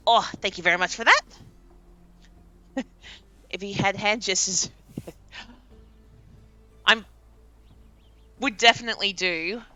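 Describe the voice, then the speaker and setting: Young woman streaming a game, chatty, voice swings all over the place, slow and easy, bright clear tone. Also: fairly high pitch, dry recording. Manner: chatty and animated, laughing often. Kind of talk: casual live-stream chat.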